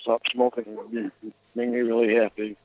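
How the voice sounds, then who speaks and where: A man calling in to a radio show, talking in a halting, simple, hesitant way. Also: mid-range voice, little pitch movement, a little hiss or hum. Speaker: radio caller. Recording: muffled radio call audio.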